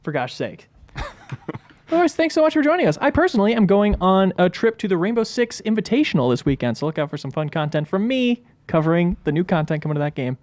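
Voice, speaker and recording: A man's voice: sits high, big pitch swings, fast talker, few pauses, darkish tone, no room sound. A man hosting a casual gaming podcast and reading listener emails aloud, laughing often. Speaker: podcast host.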